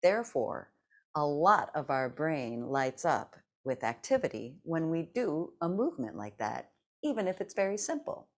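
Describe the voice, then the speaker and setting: A woman leading a seated exercise class, giving slow, encouraging cues and laughing often between them. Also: low-pitched, very animated. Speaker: fitness instructor.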